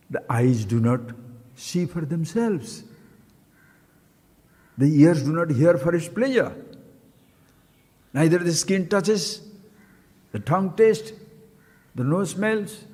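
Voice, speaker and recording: A man's voice: on the high side, a little mellow, big-room sound. A man giving a spiritual talk, asking his listeners questions and repeating key phrases to stress them. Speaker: spiritual teacher. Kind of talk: live-streamed spiritual talk.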